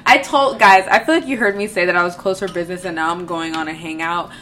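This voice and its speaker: A woman's voice: lowish voice, quick pace, fairly bright tone, slight background noise. A young woman co-hosting a podcast while tipsy, chatting casually in a rambling way with lots of fillers and laughter. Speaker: podcast co-host. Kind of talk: casual chat.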